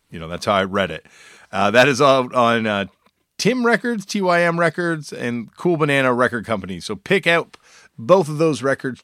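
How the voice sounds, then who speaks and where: Excited rambling male podcast host. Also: medium pitch, no room sound, clean studio sound. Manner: rambling, enthusiastic, many fillers and restarts. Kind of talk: casual podcast intro.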